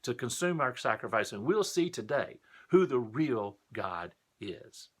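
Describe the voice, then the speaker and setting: A man's voice: medium pitch, sing-song, unhurried, husky. A man voicing a bold prophet who speaks in a firm, challenging way. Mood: stern. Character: bold, stern male prophet.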